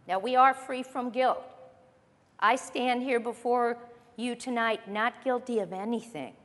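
A woman preaching a sermon, emphatic, slowing down to stress key phrases. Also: medium pitch, long reverb tail.

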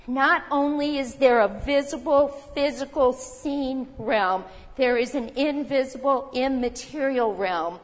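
Lady preacher, kinda high voice, talking it through with questions, big echoey hall. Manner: conversational teaching, rhetorical questions. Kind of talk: sermon. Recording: long reverb of a hall.

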